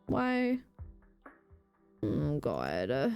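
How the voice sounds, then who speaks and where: A woman's voice: sits low, huge pitch swings, extremely slow, creaky, darkish tone, clean tone, soft background music. A woman live streamer in casual, rambling chatter, swearing and mocking herself as she goes.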